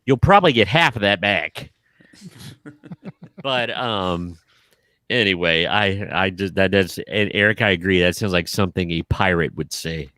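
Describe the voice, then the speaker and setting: Unhurried and low-voiced, a podcast co-host comes through in clean studio sound with no room sound. In casual chat he tells animated stories, breaking into laughter often.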